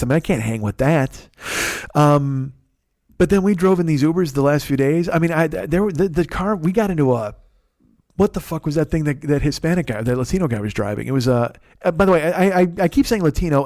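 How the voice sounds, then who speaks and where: A man's voice: a little high, darkish tone, no room sound, studio quality. A man in his forties hosting a comedy podcast, telling a rambling, profane story with lots of restarts. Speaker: podcast host.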